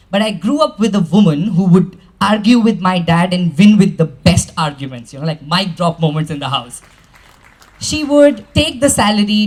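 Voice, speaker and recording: A man, a life skills coach, giving a motivational stage talk and telling stories animatedly, acting out the voices he quotes. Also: high voice.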